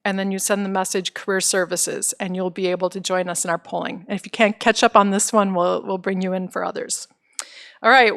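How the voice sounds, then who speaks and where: A woman's voice: mid-range voice, fairly bright tone, smooth. A middle-aged woman presenting career services to parents in an encouraging, conversational way, with fillers and restarts.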